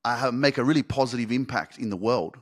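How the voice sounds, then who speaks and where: A man hosting a motivational podcast, speaking with intense, profane emphas and swinging between hushed and shouting. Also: mid-range voice, quick pace. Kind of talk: motivational monologue.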